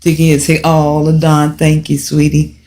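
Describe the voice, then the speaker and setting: A woman from the United States hosting a casual livestream, talking straight to her viewers with lively rhetorical questions. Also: low voice, moderate pace. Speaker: livestream host and relocation guide.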